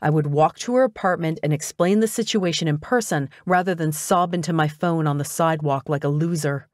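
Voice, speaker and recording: A woman reading a first-person audiobook in an expressive, conversational way. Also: deep voice, brisk, no echo, studio quality. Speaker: audiobook narrator.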